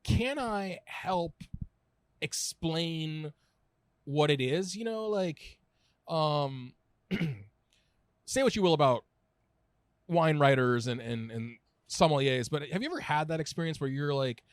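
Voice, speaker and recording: A man in his thirties, a food writer and podcast guest, talking casually with lots of restarts, fillers and quick laughs. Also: fairly high pitch, expressive, no room sound, clean studio sound. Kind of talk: casual conversational chat.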